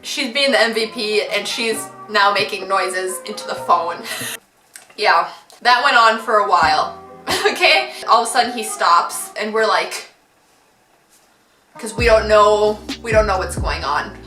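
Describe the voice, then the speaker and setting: A young woman vlogger telling a funny story, animated and giggly, often breaking into laughter. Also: mid-range voice, a little slow, reverberant, recorded from a distance, faint music behind. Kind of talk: storytime vlog.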